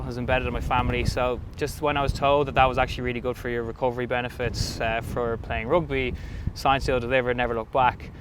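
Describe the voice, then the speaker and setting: An Irish man in a casual interview, eagerly explaining things with plenty of fillers. His voice sits in a middle range, and he speaks outdoors at a rugby club with faint traffic noise behind him. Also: medium pitch. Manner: chatty, enthusiastic, frequent fillers. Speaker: guest, sauna business owner.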